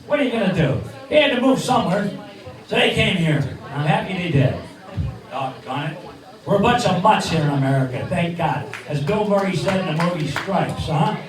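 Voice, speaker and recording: A man's voice: high voice, expressive, moderate pace. A man in his sixties from Cleveland doing stand-up comedy and a ventriloquist act, jokey with rambling punchlines. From Cleveland, Ohio. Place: neighborhood bar stage. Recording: echoey bar, distant mic, crowd.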